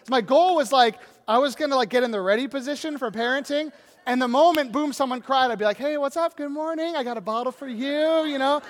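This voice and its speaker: High-voiced man preaching in a reverberant hall. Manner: animated storytelling, acts out scenes. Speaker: pastor. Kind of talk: sermon. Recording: long reverb of a large hall.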